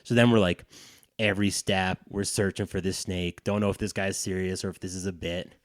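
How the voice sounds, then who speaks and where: Low-voiced man telling a rambling story. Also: a little fast, no echo, studio quality. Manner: profane, animated storyteller. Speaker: podcast co-host. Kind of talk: casual storytelling chat.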